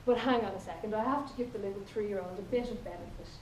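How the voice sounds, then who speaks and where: A woman's voice: medium pitch, quick pace, a little mellow, a little hiss or hum. A woman with an Irish accent giving a humorous contest speech, telling playful stories and acting out quoted lines. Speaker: contest speaker. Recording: echoey hall from far off.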